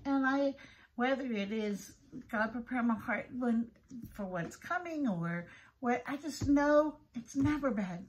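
High-pitched middle-aged woman, earnest devotional talk, heartfelt and repeating herself. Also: a little mellow, a little hiss or hum, rough recording. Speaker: prayer podcast host.

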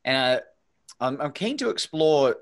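A man's voice: a little high, very animated, a little slow, gravelly. Enthusiastic male podcast host. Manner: enthusiastic, reflective, with small restarts. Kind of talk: conversational interview.

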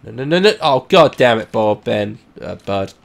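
A man giving rambling, self-mocking let's play commentary that breaks into loud, excited yells and swearing. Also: medium pitch, moderate pace, vocal fry. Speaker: gaming channel host.

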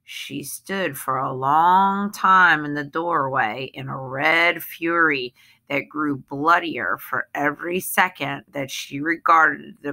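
A woman reading a short story aloud in a measured, deliberate way. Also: sits low, vocal fry, bright, forceful tone. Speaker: reader.

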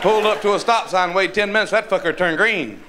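A man with a North Carolina Southern accent doing a crude stand-up set, with a rough, profane, drawling punchline delivery. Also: high voice, a little fast. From North Carolina, USA. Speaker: stand-up comedian. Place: comedy club stage. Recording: live club with crowd laughter and noise.

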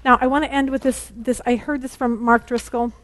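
Brief: middle-aged woman, Bible study teacher, fairly high voice, chatty and candid, rushed. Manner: chatty and candid, rushing against the clock; acts out family conversations in lively quoted voices. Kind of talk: informal Bible lesson.

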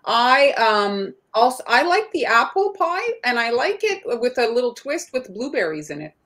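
A woman's voice: a little high, sing-song, moderate pace, fairly bright tone. A woman co-hosting a livestream, reading out viewer comments in a casual chat.

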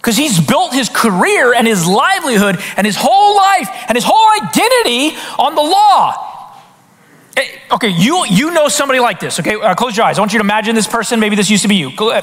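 A man delivering a sermon from the pulpit, his voice pitched high and swinging widely as he talks straight to the congregation. He peppers his preaching with quick questions and stumbles into restarts. The sanctuary adds a long, ringing reverb. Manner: animated, conversational preaching with frequent restarts and rhetorical questions. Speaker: pastor. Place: church sanctuary. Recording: hall reverb in a church.

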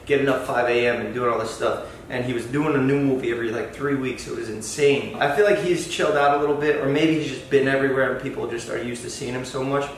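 A man's voice: medium pitch, fairly even intonation, quick pace, few pauses. A man in his twenties, a guest in a casual podcast chat, brash and joking, laughing often. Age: 20s. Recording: echoey room, distant mic, faint noise.

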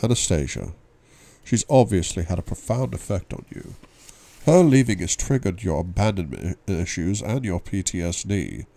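A man reading as a calm, probing male therapist. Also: low voice, gravelly. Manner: measured, probing questions. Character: calm probing male psychiatrist, middle-aged. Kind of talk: audiobook reading.

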